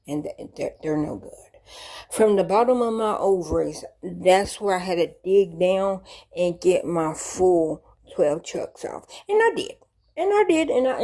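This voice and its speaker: A woman's voice: fairly low pitch, vocal fry, mellow. A woman giving a casual comedic rant to her viewers, rambling and repeating herself, swearing freely and swinging between playful and emphatic. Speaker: commentator.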